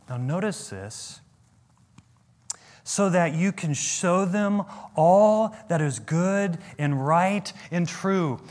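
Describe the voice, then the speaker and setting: A man's voice: high-pitched, expressive, drawn-out words, a little mellow. A middle-aged male pastor preaching a sermon in an earnest, emphatic way, asking the listeners questions.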